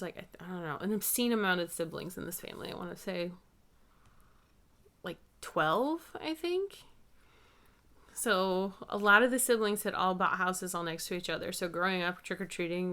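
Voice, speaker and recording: A woman in her thirties hosting a knitting podcast, chatting casually and telling family stories in a warm-hearted way. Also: lowish voice, normal speed. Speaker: podcast host. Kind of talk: casual chat.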